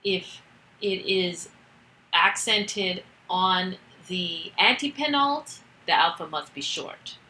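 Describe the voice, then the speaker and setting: A woman's voice: fairly low pitch, takes it slowly, sharp tone, roomy sound, poor audio. A woman teaching a recorded grammar lesson, explaining step by step with patience and the odd filler. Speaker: Greek teacher.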